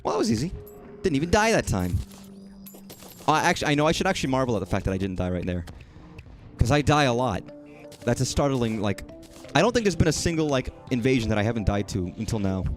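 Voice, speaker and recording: A young man streaming a game, swearing freely and talking excitedly to himself as he plays. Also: medium pitch, quick pace, soft background music. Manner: profane, excitable, talks to himself while playing. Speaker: gaming streamer. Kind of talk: live gameplay commentary.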